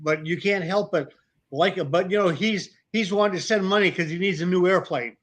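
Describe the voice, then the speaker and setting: Easygoing guy chatting on a podcast, kinda high voice. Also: a little fast, fairly bright tone. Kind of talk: casual chat.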